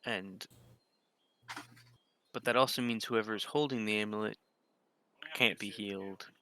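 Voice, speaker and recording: A man playing a tabletop game, joking around and quick to laugh. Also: on the low side, fairly even intonation, pushed and bright. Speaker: player.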